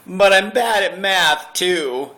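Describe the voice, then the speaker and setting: A man's voice: fairly high pitch, very animated, measured pace, sharp tone, pitched above the performer's own voice, full character voice. A man putting on the voice of a shy, weepy young college man who whines and sobs. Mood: whimpering.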